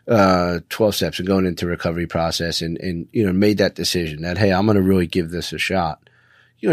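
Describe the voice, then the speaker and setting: A man in his thirties speaking as a podcast guest, earnest and halting, with many restarts. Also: lowish voice, darkish tone, no echo, studio quality. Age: 30s. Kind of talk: conversational interview.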